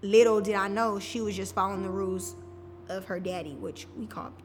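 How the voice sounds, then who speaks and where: A woman's voice: mid-range voice, fairly even intonation, fairly quick. A woman telling her own story on a podcast, casual and candid, often saying "like". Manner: casual, frequent "like" fillers. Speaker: podcast guest. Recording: reverberant room with faint music.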